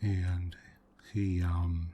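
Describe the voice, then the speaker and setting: A deep-voiced man talks quietly as the host of an ASMR gaming session. He meanders through a long story with soft chuckles and many fillers, close to a desktop mic. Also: flat delivery, extremely slow, slight background noise. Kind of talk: soft-spoken ASMR let's play chat.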